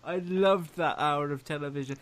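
Upbeat, higher-voiced male host. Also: moderate pace. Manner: enthusiastic, jokey. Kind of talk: casual chat.

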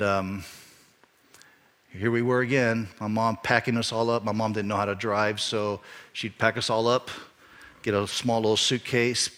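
A man's voice: fairly low pitch, a bit bright. A middle-aged man, a pastor, telling a personal story in a sermon, earnest and rising to emphatic peaks. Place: church.

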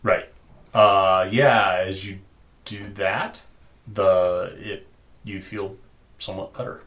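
A man's voice: sits low, fairly even intonation, slow pace, a bit bright. A man narrating as game master in a tabletop game, loose and chatty. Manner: loose and chatty, many fillers.

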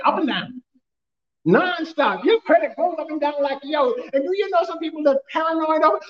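A male pastor preaching a sermon, telling funny stories with frequent laughter and sometimes shouting questions at the congregation. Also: extremely high pitch, lively intonation, normal speed, reverberant, lo-fi sound. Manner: storytelling, humorous, laughs often. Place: church.

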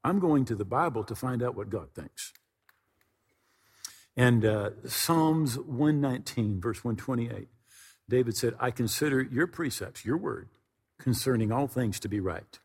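A man preaching a sermon in a church sanctuary, his voice slightly husky and lively in pitch as it rises and falls. He talks in a conversational way, often doubling up words before moving on. The sound carries a long, reverberant hall tail. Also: unhurried. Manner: conversational preaching with frequent word repetitions. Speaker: pastor.

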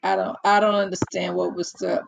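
A woman's voice: mid-range voice, little pitch movement, a little fast, creaky, a little hiss or hum, low-quality recording. An older woman hosting a casual monologue, telling stories in a blunt, exasperated way with many restarts.

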